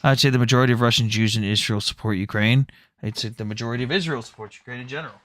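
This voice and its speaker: A man's voice: medium pitch, rapid-fire, fairly bright tone, no room sound. A man hosting a casual livestream chat, telling stories animatedly and mimicking other people's voices. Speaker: livestream debate host.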